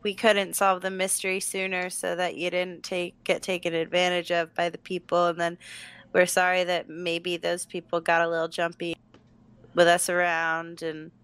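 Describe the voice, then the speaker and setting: A woman's voice: lowish voice, monotone, moderate pace, a bit bright, clear, resonant tone. A woman playing a tabletop game, talking in character in a rambling, flustered way. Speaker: player.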